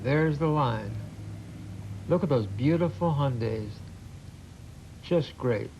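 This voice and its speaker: An older male TV host doing an in-studio sales pitch, halting and repeating words, with a jokey folksy manner. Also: expressive, mellow. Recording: muffled old TV broadcast with faint hiss.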